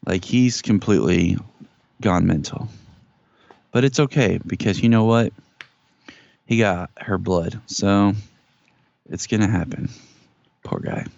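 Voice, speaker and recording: Joking low-voiced man on a dull line. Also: slow pace, gravelly, long pauses, a little mellow, no echo. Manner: joking, acts out quotes in a raised voice. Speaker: podcast co-host. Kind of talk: casual TV review chat. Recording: dull dry lo-fi audio.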